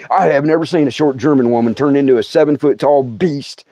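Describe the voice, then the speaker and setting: A man's voice: medium pitch, normal speed, pauses often, warm tone. A middle-aged man telling a comic story on a livestream, stammering, laughing often and putting on voices. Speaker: comedian. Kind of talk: storytelling stand-up.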